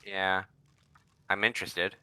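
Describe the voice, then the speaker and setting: A man chatting casually during a co-op video game, halting and full of fillers. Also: low-pitched, flat delivery, pushed and bright, clear, resonant tone, no echo. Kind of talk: casual gameplay chat.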